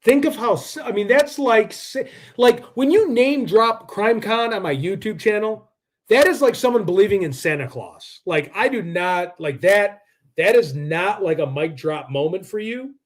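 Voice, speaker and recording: Guy hosting a live true crime stream, kinda high voice, rambly and argumentative. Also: lively intonation, moderate pace. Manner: rambling, combative, heavy use of "like".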